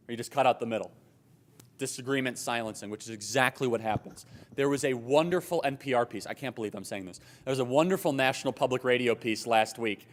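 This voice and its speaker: Male speaker at a conference, mid pitch, brisk and emphatic, fielding questions. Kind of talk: political speech with audience Q&A. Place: hotel conference hall.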